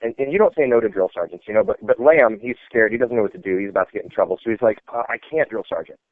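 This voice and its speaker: A man's voice: fairly low pitch, racing, no echo. A man, an army veteran, telling stories in a casual, rambling way full of "like" and "you know". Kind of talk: casual storytelling. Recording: tinny phone-like dry sound.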